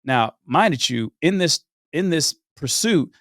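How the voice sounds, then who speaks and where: A man in his thirties with a fairly high-pitched voice tells his story unhurriedly as a podcast guest, animated and acting out each person in it. It's conversational storytelling, captured at studio quality without echo.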